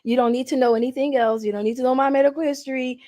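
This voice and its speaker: A woman's voice: sits high, very fast. A young adult woman telling candid stories in an interview, laughing often and acting out what people said. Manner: animated, laughs often, acts out quotes. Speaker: guest.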